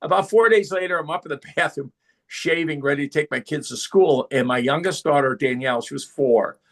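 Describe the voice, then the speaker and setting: A middle-aged man, a podcast guest, telling stories in a casual, animated way and acting out the voices of people he quotes. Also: a little high, brisk. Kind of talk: casual storytelling.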